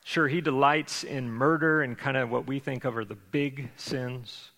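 Gravelly-voiced man preaching in a reverberant hall. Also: mid-range voice, steady tone, unhurried, pushed and bright. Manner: conversational preaching with self-deprecating humor. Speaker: pastor. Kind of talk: sermon. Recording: long reverb of a church hall.

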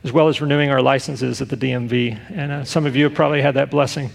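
A middle-aged man, a pastor, preaching earnestly with rhetorical questions and loud bursts of emphasis. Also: mid-range voice, fairly even intonation, fast talker, gravelly, in a large hall. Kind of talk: sermon.

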